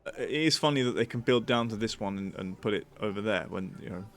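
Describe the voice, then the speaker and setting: A man's voice: on the low side, fast talker, a bit bright. Man muttering through a game stream. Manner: muttering, drifts into a silly pirate voice. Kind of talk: casual gameplay commentary.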